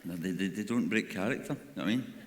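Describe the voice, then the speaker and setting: On stage in a large arena, a Glaswegian man with a low-pitched voice does a crude, sweary stand-up set at a very fast pace, mocking and bantering with the crowd. The recording is echoey, with crowd noise throughout.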